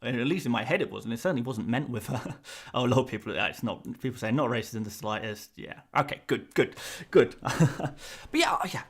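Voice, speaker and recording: A man's voice: mid-range voice, expressive, a little fast, slightly rough. Rambling English man on a live stream. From England. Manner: rambling, self-conscious, laughs often. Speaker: fantasy football streamer. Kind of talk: live stream chat with viewers.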